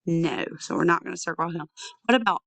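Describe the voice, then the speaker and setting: A woman teaching a young children's phonics lesson, sounding out letters slowly and repeating handwriting chants. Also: fairly low pitch, vocal fry, fairly bright tone, no echo. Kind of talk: early-years phonics lesson.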